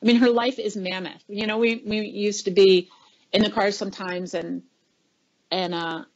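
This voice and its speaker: Over dull audio, a former chief of staff, a middle-aged woman, shares stories during a webinar interview and performs the quoted lines with animation. She has a medium pitch and a moderate pace.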